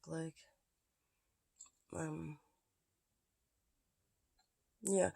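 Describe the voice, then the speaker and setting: A vlogger talking casually into a handheld phone at home, with halting, drifting speech that often drops to a whisper. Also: medium pitch, little pitch movement, creaky, slight background noise. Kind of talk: casual self-recorded vlog.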